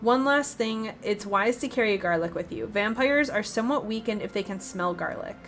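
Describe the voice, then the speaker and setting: A woman's voice: mid-range voice, lively intonation, moderate pace, a bit bright, soft background music. A woman voicing a boozy old retired male vampire hunter, reading his lines in a put-on Western or Southern drawl. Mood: gruff, cadging.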